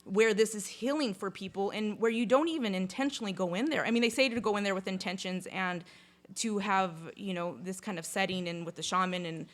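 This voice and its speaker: A woman in casual conversation, telling a personal story in a lively, chatty way, with lots of "like" and some swearing. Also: medium pitch, a little fast. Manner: chatty, full of "like", swears freely; lively retelling, acts out sounds and inner voices. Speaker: podcast guest.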